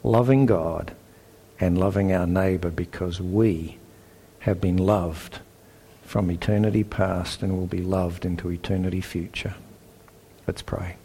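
A man with a New Zealand accent delivers a sermon in a somewhat low voice. He is earnest and emphatic, reading scripture aloud and pressing each point home. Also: fairly even intonation, measured pace, dark tone, a little hiss or hum. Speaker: pastor.

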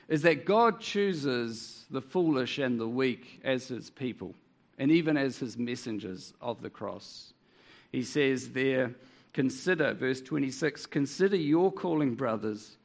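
A man with a New Zealand accent preaching a sermon, earnest and full of rhetorical tag questions. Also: medium pitch.

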